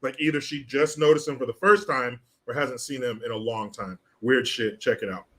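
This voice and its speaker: Mocking, bright-voiced male live-streamer. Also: mid-range voice, normal speed. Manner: profane, mocking, conversational. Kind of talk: live-stream commentary reading viewer chat.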